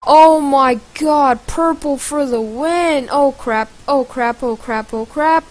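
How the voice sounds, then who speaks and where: Excitable high-voiced woman gaming. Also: slow. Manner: excitable, loud exclamations. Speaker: gaming channel host. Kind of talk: casual gameplay commentary.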